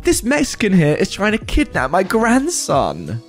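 A man doing a shrill, accusing old woman. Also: huge pitch swings, a little slow, soft background music, full character voice. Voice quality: shrill, high falsetto. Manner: accusing and hysterical.

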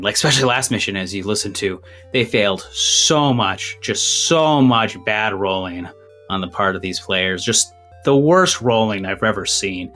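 Running a tabletop game as game master, a man with a lowish, pushed, bright voice rambles through rule changes and a recap while slightly out of breath. He keeps interrupting himself and laughs at his own jokes.

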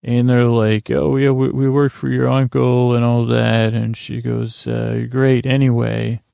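A man's voice: mid-range voice, level tone, a little slow, gravelly, warm tone, smooth, no echo, clean studio sound. A man casually recapping a TV episode in a meandering way, full of fillers and restarts. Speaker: podcast host recapping a TV episode.

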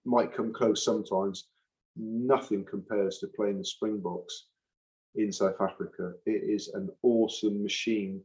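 A man's voice: lowish voice, steady tone, measured pace, a little mellow, rough recording. A middle-aged man, a retired rugby forward, talking in an interview, emphatic and repeating phrases for force. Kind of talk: impassioned interview talk.

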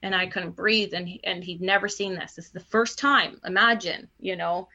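A woman in her thirties, a TV news host, telling a personal story candidly as a podcast guest, halting and restarting often. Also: on the low side, fairly even intonation, sharp tone, dull audio. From Canada.

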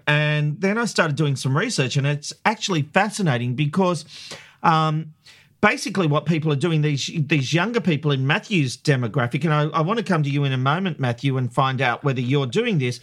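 A man hosting a radio panel chat, leading the talk with survey figures in a lively manner. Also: fairly high pitch, fairly quick. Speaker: radio host.

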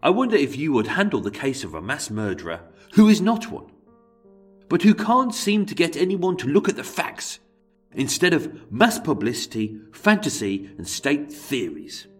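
A man's voice: fairly high pitch, huge pitch swings, moderate pace, faint music behind. A man with a put-on Birmingham accent voicing a vain, self-pitying male killer writing to a lawyer, in a mock-earnest reading.

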